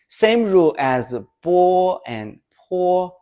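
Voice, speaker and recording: A man teaching Mandarin pronunciation in a scripted lesson, saying syllables slowly and clearly and drilling them for the listener to repeat. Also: fairly high pitch, animated, darkish tone.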